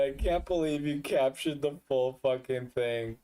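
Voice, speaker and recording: A man's voice: medium pitch, measured pace, dark tone, smooth. A man streaming as a VTuber, drunk and hiccuping, talking in a rambling, profane, self-mocking way. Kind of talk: casual live-stream chat.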